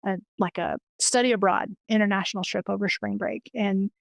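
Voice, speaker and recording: A woman's voice: medium pitch, steady tone, a little fast, gravelly, no echo. A woman in her forties, a guest in an interview, telling personal stories in an earnest, enthusiastic way and often restarting her sentences. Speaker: interview guest, financial educator.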